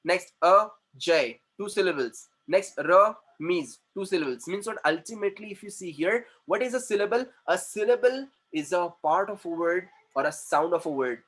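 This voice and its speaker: A man with an Indian accent teaching an English lesson, who repeats words slowly and switches into Hindi to explain. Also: sits high, lively intonation, poor audio. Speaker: communication trainer.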